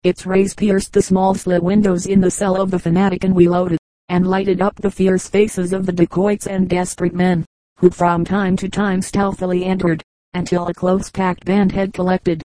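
A woman reads a story aloud in a steady, even narration. Her voice sits low and mellow, with little change in pitch. The sound is close and dry. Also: normal speed, no room sound, low-quality recording. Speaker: audiobook reader. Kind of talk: scripted narration.

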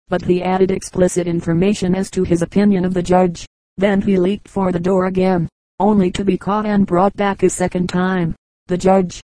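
Mellow, flat-voiced woman reading aloud. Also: on the low side, no echo, low-quality recording. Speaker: audiobook reader. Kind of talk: scripted narration of humorous anecdotes.

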